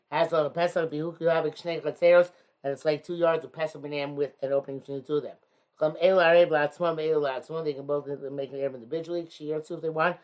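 A man teaching a religious text, reading phrases aloud and explaining each one in English, with many pauses and "uh"s. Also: fairly high pitch, darkish tone. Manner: reads Hebrew-Aramaic phrases then explains in English, many hesitations. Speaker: Talmud teacher. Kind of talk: text study lesson, reading and translating.

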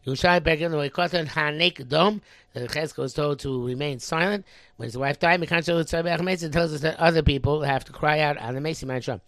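A man's voice: on the high side, a bit bright, no echo. Guy teaching torah text, reads the then translates, lots of ums, dry close sound. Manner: reads Hebrew phrases then translates them, halting with many fillers. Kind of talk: reading and translating a religious text aloud.

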